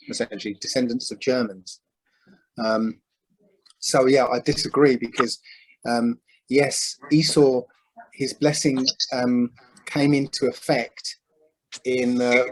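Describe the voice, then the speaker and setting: Halting man with many ums. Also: medium pitch, low-quality recording. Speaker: panel speaker. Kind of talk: religious discussion.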